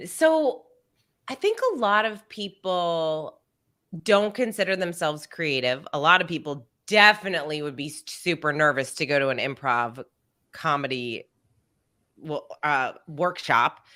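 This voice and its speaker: Bright-voiced woman host with a low voice. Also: animated. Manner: halting, restarts her questions. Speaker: podcast host. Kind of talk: casual interview chat.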